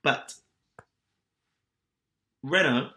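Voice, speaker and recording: A man's voice: extremely slow, sharp tone. Chatty guy with a rambling delivery. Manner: chatty, rambling retelling with many fillers. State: sore back, hungover. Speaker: podcast co-host. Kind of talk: casual chat.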